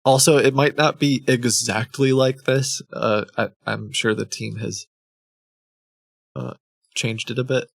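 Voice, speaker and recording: A man's voice: medium pitch, fairly even intonation, unhurried, creaky, no echo, studio quality. A man live-streaming, chatting casually to his viewers, rambling and cutting himself off, often laughing at himself.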